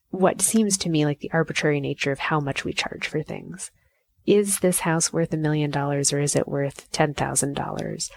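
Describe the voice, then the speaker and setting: A woman in her thirties talks through her feelings on a solo podcast, her voice sitting low. She wanders and restarts as she thinks, earnest and openly emotional. The recording is close and dry, with no room sound. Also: a little mellow, no echo. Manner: emotional, thinking aloud with many fillers and restarts. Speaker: podcast host. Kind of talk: reflective solo podcast monologue.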